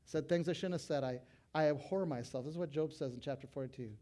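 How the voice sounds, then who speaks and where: A middle-aged male pastor preaching to fellow pastors, animated, breaking into loud acted quotes. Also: a little high, fast talker. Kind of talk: sermon to pastors.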